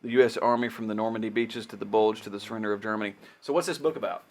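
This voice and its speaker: A laid-back podcast co-host with a somewhat low voice. He chimes in with quick agreement and sometimes reads text aloud in casual chat. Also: steady tone. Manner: easygoing, quick yeahs, reads blurbs aloud.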